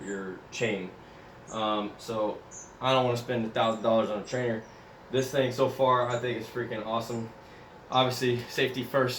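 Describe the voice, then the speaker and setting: In an echoey, carpeted room with an overhead fan, a breathless Florida man shows off his home cycling trainer setup. His medium-pitched voice is picked up off-mic with slight hiss or hum as he rambles casually through the demo, saying um a lot.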